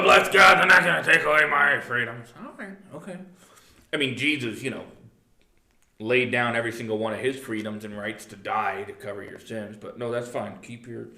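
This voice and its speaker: A man's voice: fairly low pitch, fairly bright tone, reverberant, slight background noise. A man pastor giving a casual midweek Bible teaching, reading from his notes with joking asides. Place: church.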